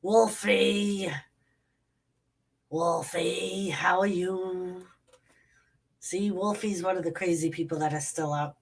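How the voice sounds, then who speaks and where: A woman's voice: on the low side, fairly even intonation, slow pace, creaky, long pauses, recorded from a distance. A woman, chatting casually on a late-night livestream and greeting viewers by name. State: stuffy nose. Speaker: channel host. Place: home at night.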